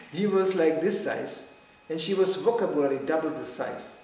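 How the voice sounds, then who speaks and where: A man's voice: fairly high pitch, gravelly. A middle-aged man telling anecdotes to a gathering, laughing often and acting out what people said. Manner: lively storyteller, laughs often, acts out quotes. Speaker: speaker telling memories to a devotional gathering. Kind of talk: anecdotal storytelling talk. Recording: very echoey room, mic far off.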